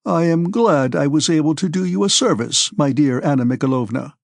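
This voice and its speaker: A man voicing a haughty older nobleman who speaks curtly and in a flat, indifferent tone. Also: fairly high pitch, brisk, vocal fry, dry recording. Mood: aloof. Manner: monotonous, curt, condescending.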